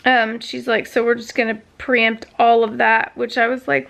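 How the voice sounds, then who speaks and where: A woman's voice: fairly high pitch, flat delivery, normal speed, creaky, a bit bright. A woman vlogger chatting casually, telling a long story with many fillers and asides. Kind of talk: casual chat.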